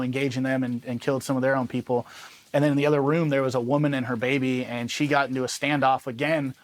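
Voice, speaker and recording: Man, 30s, from Los Angeles, ex-soldier. Casual, rambling storyteller, mid-range voice, drops in laughs. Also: medium pitch. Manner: loose and conversational, full of "like" and "you know what I mean", laughs often. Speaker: former Army Ranger telling war stories. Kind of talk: casual first-person storytelling.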